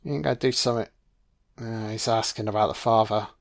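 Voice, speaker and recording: A man offers casual watch-along film commentary in a lowish, steady, creaky voice at a quick pace. He swears freely, reacts to everything, and talks back at the screen.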